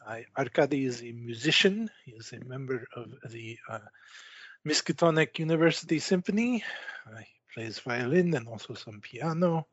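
A man playing a tabletop game, introducing his character in a measured, formal way. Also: medium pitch, animated, a bit bright, no echo. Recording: dull lo-fi sound, dry.

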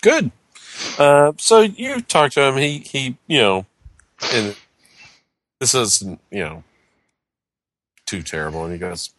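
A man narrating as game master, describing scenes in a halting way. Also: medium pitch, lively intonation, a bit bright, no echo. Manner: halting, descriptive, searches for words.

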